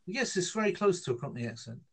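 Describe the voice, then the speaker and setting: A man in his fifties from northern England, speaking, telling a long personal story in a relaxed interview, with lots of fillers and restarts. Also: high voice, fast talker, creaky, breathy edge. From Newcastle, northern England. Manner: rambling, hesitant, with many fillers and restarts. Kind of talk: casual storytelling conversation.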